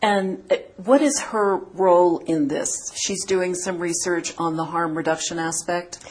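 Woman, radio interviewer, slightly low pitch, direct, brisk. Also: a little mellow.

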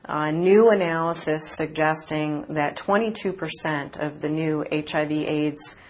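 A woman reporter answering interview questions in an articulate, measured way, with occasional fillers. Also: low-pitched. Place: conference city, remote from host.

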